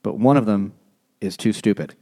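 A man's voice: fairly low pitch, moderate pace, mellow. A man hosting a podcast, retelling a story in a crude, jokey casual chat. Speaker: podcast host.

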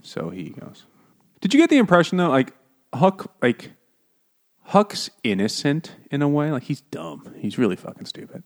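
Animated man in casual book chat. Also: fairly high pitch, moderate pace. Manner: animated, emphatic, slips into mock voices for quotes. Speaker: podcast co-host discussing a book.

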